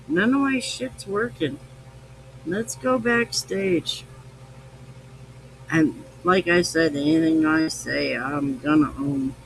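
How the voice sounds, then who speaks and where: A man's voice: on the high side, slow pace, vocal fry, pauses often, a little hiss or hum, rough recording. A tipsy man hosting a live podcast, rambling, swearing freely and affectionate. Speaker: podcast host. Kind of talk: casual live-stream chat.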